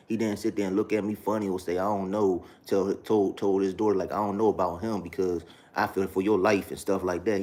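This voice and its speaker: A man with a fairly low voice tells his life story to the camera. He talks slowly and haltingly, often repeating phrases, and his speech is loose and full of street slang. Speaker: vlogger sharing his testimony. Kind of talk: casual spoken testimony.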